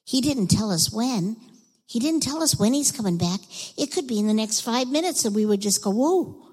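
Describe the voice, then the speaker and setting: Woman, children's sermon, breathy, slightly high voice, long church reverb. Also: brisk. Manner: animated, leads group chants in a loud call. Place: church sanctuary.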